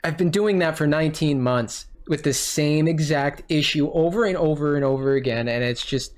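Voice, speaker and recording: A man's voice: fairly high pitch, moderate pace. A man venting his frustration to a support agent on a phone call, repeating himself and swearing as he goes. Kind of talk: heated phone complaint. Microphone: recording his own side of a phone call.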